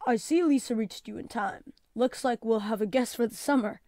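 A woman reading aloud and voicing a calm, gently teasing father in a storybook. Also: on the high side, moderate pace, no echo, studio quality, close to an everyday voice.

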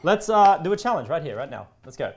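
A man's voice: a little high, big pitch swings, fast, husky. A man co-hosting a cooking show, chatting casually and making dry, teasing jokes. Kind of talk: casual chat while cooking.

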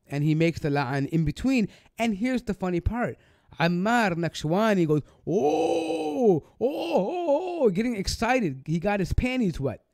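A man's voice: on the high side, a little mellow, no room sound. Mocking male video commentator, dry sound. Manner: mocking, sarcastic, indignant. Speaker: online commentator.

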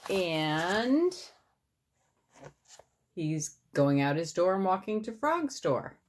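A woman reading a picture book aloud to her boy, pausing to point out the pictures. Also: lowish voice, big pitch swings, slight background noise. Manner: warm, explaining the pictures. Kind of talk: storybook read-aloud.

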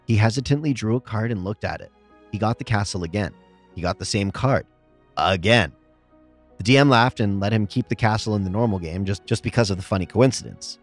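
A man with a fairly low voice narrates reader-submitted tabletop game stories from a script. He reads expressively, pausing for comic timing.

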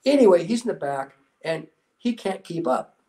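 A man in his sixties, a guest in an interview, telling a story earnestly and with a motivational drive, often dropping to a softer, lower voice when he quotes people. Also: animated, moderate pace, low-quality recording. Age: 60s. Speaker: interview guest, former special warfare instructor. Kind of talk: conversational storytelling.

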